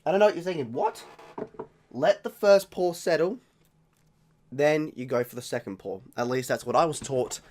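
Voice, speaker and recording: A man's voice: fairly high pitch, expressive, normal speed, darkish tone, a little hiss or hum. Chatty Australian guy rambling on. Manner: rambling, chatty, self-correcting. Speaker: channel host. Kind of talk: casual beer tasting vlog.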